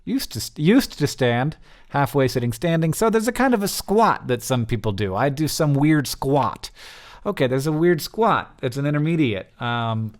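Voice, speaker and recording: A man's voice: a little high, big pitch swings, normal speed. A man in his thirties talking casually as host through survey results, rambling with many fillers and restarts.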